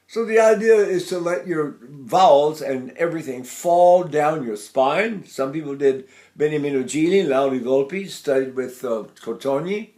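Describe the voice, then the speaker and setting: A man's voice: fairly high pitch, lively intonation, moderate pace, few pauses, a little mellow. An older man, a voice teacher, explaining singing technique and breaking into sung and spoken vowel demonstrations.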